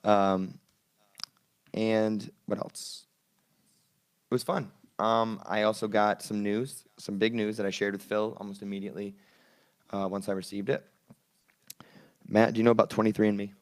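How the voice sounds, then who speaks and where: Laid-back young man, low voice. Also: level tone, moderate pace, pauses often. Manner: rambling, laid-back storytelling with crude jokes. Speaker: podcast co-host. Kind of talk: casual chat. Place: studio.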